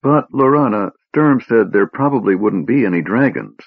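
A man's voice: fairly low pitch, expressive, normal speed, slightly rough, dry recording, narrow, tinny audio, pitched above the performer's own voice. A man reading aloud who voices a small, nervous male kender, talking eagerly and stammering.

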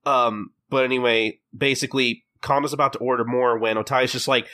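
A man chatting on a podcast, recapping a story with quick put-on voices and frequent laughs. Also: medium pitch, pushed and bright. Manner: laughs often. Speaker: podcast co-host. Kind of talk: casual podcast chat.

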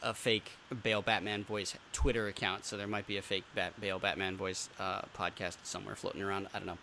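A jet-lagged man co-hosting a podcast in a casual, rambling way, joking as he goes and filling the gaps with ums. His voice sits a bit low but sounds bright and forceful. A faint hiss runs underneath. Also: level tone, fast talker, creaky. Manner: joking, rambling, many fillers. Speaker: podcast co-host.

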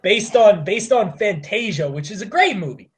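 A young man with a high-pitched voice talks in a casual, profane, animated way. His pitch leaps all over the place as he rants. He is co-hosting a laid-back podcast chat. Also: moderate pace. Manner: profane, animated movie ranting. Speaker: podcast co-host.

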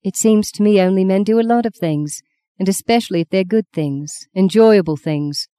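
A woman's voice: medium pitch, moderate pace, warm tone, dry recording, studio quality, lightly acted. A woman reading an audiobook, voicing a young wife who speaks sharply and resentfully. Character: young wife, fed up and defiant.

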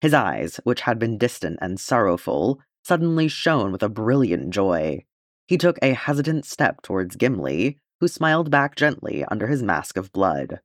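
Male narrator, low, expressive, dry close mic. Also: moderate pace, no room sound. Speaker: audiobook reader. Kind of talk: fan fiction audiobook narration.

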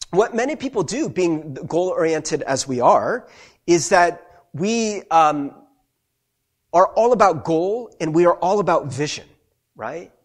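A male pastor giving a conversational sermon who keeps asking "right?" to check in with his listeners. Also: fairly high pitch.

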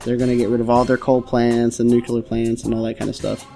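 A man co-hosting a comedic podcast, telling crude, absurd made-up stories with a deadpan delivery. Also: medium pitch, fast, vocal fry, soft background music. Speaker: podcast co-host.

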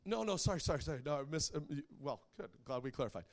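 A man's voice: fairly high pitch, lively intonation, very fast. A man preaching a sermon to a live congregation, conversational and joking, asking the audience questions. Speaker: pastor.

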